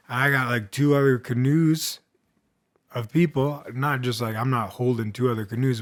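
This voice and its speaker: A young man vlogger telling a casual, meandering story, full of self-deprecating asides. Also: medium pitch.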